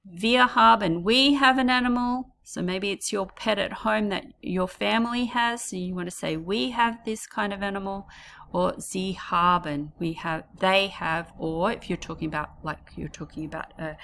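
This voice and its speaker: Slow, encouraging woman teaching German words. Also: on the low side, creaky, fairly bright tone, slight background noise. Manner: slow, drawn-out modelling of words for repetition; encouraging, addresses pupils as guys. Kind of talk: classroom language lesson.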